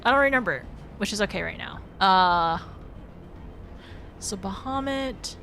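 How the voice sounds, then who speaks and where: A woman's voice: medium pitch, lively intonation, measured pace, pushed and bright, soft background music. A woman livestreaming a game, chatting casually with viewers, giggling often and tripping over her words. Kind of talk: casual live-stream chat while gaming.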